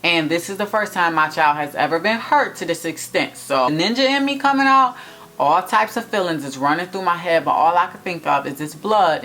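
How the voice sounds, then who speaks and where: A young woman in a casual storytime vlog, talking straight to viewers in an animated, emphatic way. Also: lowish voice. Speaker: vlogger telling a personal story.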